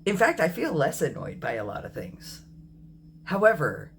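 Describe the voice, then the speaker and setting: A man in his thirties talking candidly in a personal video diary, reflective and apologetic, often pausing with ums and correcting himself. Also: fairly high pitch, wildly swooping pitch, vocal fry, a little hiss or hum. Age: 30s. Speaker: vlogger.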